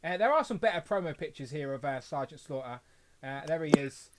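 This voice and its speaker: A man's voice: a little high, animated, a little fast, a crowd in the background. A man hosting a casual livestream, rambling and correcting himself as he reads the chat aloud. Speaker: podcast host.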